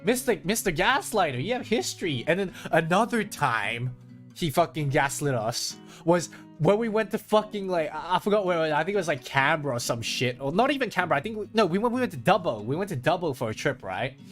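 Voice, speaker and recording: A lively man tells a rambling road-trip story to his viewers, his pitch leaping up and down as he acts out his friends. He talks a bit higher than most men and swears freely. Faint guitar music plays under his voice. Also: fairly quick. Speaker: streamer. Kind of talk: casual storytelling chat with viewers.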